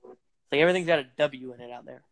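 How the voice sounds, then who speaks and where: A man's voice: medium pitch, quick pace, a bit bright. A young man hosting a casual podcast, rambling and playful with lots of fillers, recorded on a phone microphone. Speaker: podcast host. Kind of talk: casual chat.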